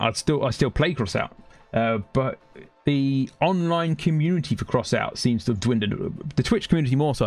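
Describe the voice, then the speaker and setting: A man with a London accent, chatting casually to his viewers while playing a game live, rambling between topics. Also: mid-range voice. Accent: London English. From Britain. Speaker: game streamer. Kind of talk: live gaming stream chatter.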